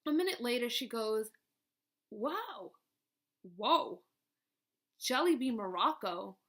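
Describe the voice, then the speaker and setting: A young woman telling a personal story in a casual vlog at home, animated and jumping to high squeals when quoting others. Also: slow. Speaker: vlogger.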